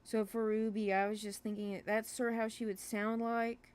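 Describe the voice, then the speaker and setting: A woman's voice: fairly high pitch, level tone, moderate pace, a little mellow, smooth. Rambling, hesitant woman chatting on a livestream. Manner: rambling, hesitant, full of fillers and restarts; self-deprecating, apologetic. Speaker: webcomic creator streaming live. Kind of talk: casual livestream chat.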